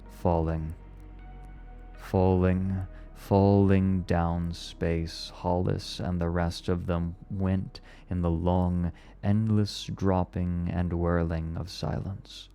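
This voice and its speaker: A man reading a story aloud in a slow, measured and solemn way. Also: sits low, level tone, warm tone, clear, resonant tone, soft background music.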